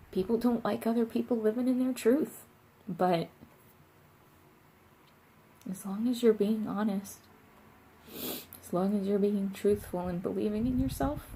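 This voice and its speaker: Warm-voiced woman giving heartfelt tarot encouragement. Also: fairly high pitch, a little hiss or hum. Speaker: tarot reader. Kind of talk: casual tarot reading vlog.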